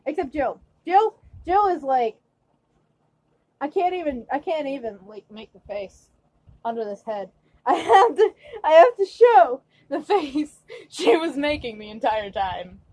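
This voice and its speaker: A woman's voice: high voice, very animated, a little slow, warm tone, no echo. A young woman vlogging an emotional, swear-filled rant, apologetic and shaky as she tells her story. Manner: upset, ranting with frequent swearing.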